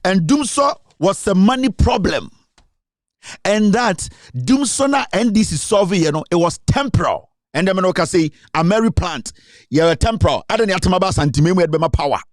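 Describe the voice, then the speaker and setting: Ghanaian male commentator, high voice, emphatic and insistent, dry close sound. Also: animated, moderate pace, dry recording. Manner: emphatic, code-switching, reads out quotes. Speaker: political commentator. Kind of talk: political commentary.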